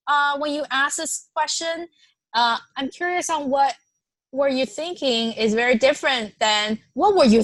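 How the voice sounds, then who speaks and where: A woman presenter runs an online workshop in a conversational way, reading suggestions aloud and affirming each one. Her voice sits a little high. It is recorded dry and close, with no room sound. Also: a bit bright, dry recording. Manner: reads participants' suggestions aloud and affirms them; conversational, with frequent fillers and restarts.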